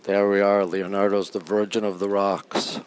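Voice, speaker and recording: A man from Canada keeps his somewhat low voice down to a hush as he livestreams from a quiet art museum. He chats casually and greets his viewers one by one by name. He speaks into a phone microphone held close. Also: little pitch movement, moderate pace, smooth, poor audio. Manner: talking low and hushed. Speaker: livestream host. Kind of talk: casual live-stream chat.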